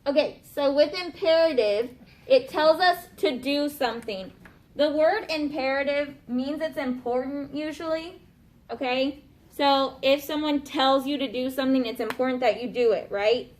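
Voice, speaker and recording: A woman's voice: high voice, normal speed. A woman teaching a grammar lesson to a class in a classroom, patient, checking understanding with frequent questions to the students. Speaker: elementary school teacher.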